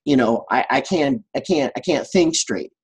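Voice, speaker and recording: A man's voice: mid-range voice, expressive, moderate pace, slightly rough, low-quality recording. A man doing a glum, self-doubting scarecrow. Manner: self-deprecating, flustered.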